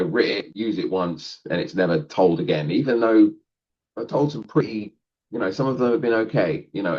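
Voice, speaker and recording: A man's voice: deep voice, highs cut off. A male comedian talking casually in a podcast interview, rambling and self-deprecating, laughing often. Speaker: guest comedian.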